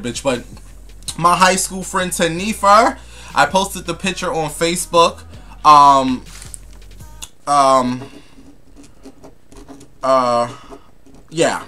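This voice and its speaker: A man's voice: medium pitch, pushed and bright. A young man vlogging in a casual chat to camera, sassy and flamboyant, calling viewers honey and darling with dramatic, gossipy asides.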